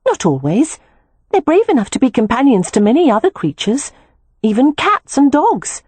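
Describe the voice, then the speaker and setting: A woman's voice: high-pitched, sing-song, normal speed, darkish tone, breathy edge, no room sound, pitched above the performer's own voice, heavily acted. A woman reading an audiobook, voicing an earnest, matter-of-fact young woman who loves animals.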